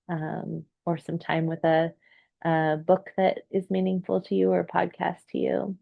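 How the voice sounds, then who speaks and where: A woman in her thirties, a therapist, talking gently and reflectively, with a meandering pace and many fillers. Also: lowish voice, monotone, a little slow, gravelly, no room sound, phone-quality sound. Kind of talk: reflective solo talk.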